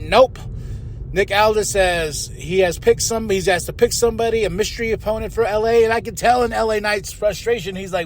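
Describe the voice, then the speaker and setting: A man hosting a podcast, casually recapping a wrestling show with animated paraphrased quotes. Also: high-pitched, slight background noise. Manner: animated, paraphrases wrestlers in quick put-on voices, chuckles. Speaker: podcast host.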